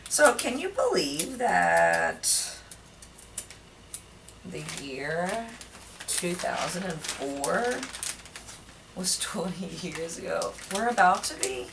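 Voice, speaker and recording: Woman vlogger, unhurried self-mocking chatter, animated pitch. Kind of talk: casual chat while wrapping gifts. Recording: distant mic with background noise.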